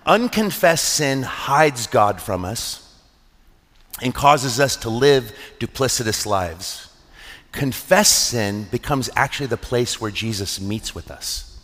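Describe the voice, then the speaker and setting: Middle-aged male pastor, earnest storytelling sermon, mid-pitched voice, long hall reverb. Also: lively intonation, takes it slowly, fairly bright tone. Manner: earnest, conversational storytelling with restarts.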